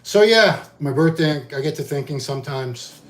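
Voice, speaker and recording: A man's voice: on the high side, animated, moderate pace, a bit bright. A man, chatting casually and rambling in a solo vlog as a bodybuilding magazine host. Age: 50s. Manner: rambling, conversational, frequent fillers and restarts.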